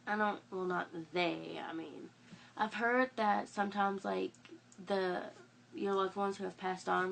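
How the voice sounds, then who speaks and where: Young woman vlogging with heavy vocal fry. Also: mid-range voice, a little hiss or hum. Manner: rambling, many fillers and restarts. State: sick, sniffling. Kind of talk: casual late-night vlog storytelling. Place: home at night.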